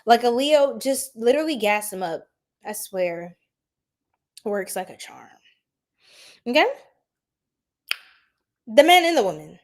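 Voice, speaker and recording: A woman's voice: on the high side, expressive, slow, long pauses. A woman hosting an astrology livestream in casual, slangy chat, laughing often and reacting to viewers' comments.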